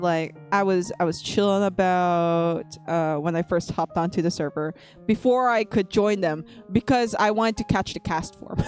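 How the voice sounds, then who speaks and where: A woman's voice: fairly low pitch, darkish tone. A woman chatting casually on a live stream, rambling and restarting her sentences.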